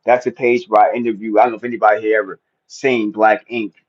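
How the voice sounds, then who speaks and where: A man's voice: on the low side, flat delivery, fast. A man with a North Jersey accent, hosting a casual livestream chat in a laid-back, slangy way and laughing often. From New Jersey. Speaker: livestream host. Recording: dull lo-fi stream audio.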